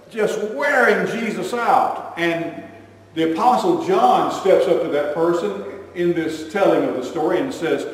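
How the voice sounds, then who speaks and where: Pastor preaching in an echoey hall. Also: male voice, a little high, a little mellow, far from the mic. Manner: conversational preaching with fillers and restarts. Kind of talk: sermon.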